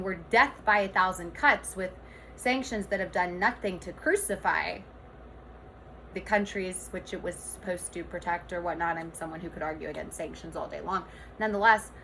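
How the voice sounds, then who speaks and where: A woman's voice: medium pitch, fairly bright tone, a little hiss or hum. A woman delivering an opinionated finance vlog rant, sarcastic and worked up, firing off rhetorical questions. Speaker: finance commentator.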